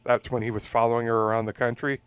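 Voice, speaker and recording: A man co-hosting a casual talk show rambles through a long story and laughs as he goes. His voice is smooth and clear, recorded close and dry with no room sound. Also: medium pitch, flat delivery, quick pace, no echo. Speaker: podcast co-host. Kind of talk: casual chat.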